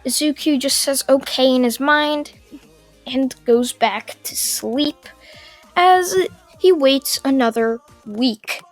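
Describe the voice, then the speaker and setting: A young woman tells a fan story in a casual, run-on style, pausing with fillers as she goes. Her voice is high and unhurried, with faint music playing underneath. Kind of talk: casual fan-fiction narration.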